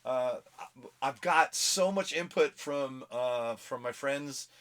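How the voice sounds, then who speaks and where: A man's voice: mid-range voice, slow pace, a bit bright. Rambling, self-mocking male vlog host. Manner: rambling, easily sidetracked, laughs at himself. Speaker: comic book vlog host. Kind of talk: casual rambling vlog talk. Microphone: phone camera.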